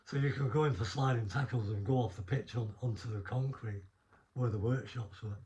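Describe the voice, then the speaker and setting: The audio is dull, and his medium-pitched, slightly mellow voice moves briskly. A middle-aged former prison officer with a Northern English accent, from Northern England, he spins rambling anecdotes for a casual interview, often restarting and cursing mildly.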